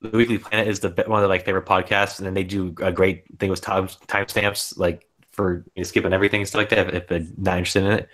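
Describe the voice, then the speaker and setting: A man's voice: low voice, little pitch movement, quick pace, hardly any pauses, a bit bright. A man hosting a casual livestream podcast, rambling with frequent restarts. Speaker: podcast host.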